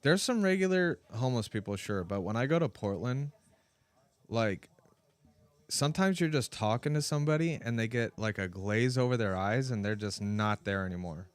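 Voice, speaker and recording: A man's voice: mid-range voice, animated, normal speed, clean tone, no room sound. Laid-back man in casual chat. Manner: brief backchannel replies, laid back.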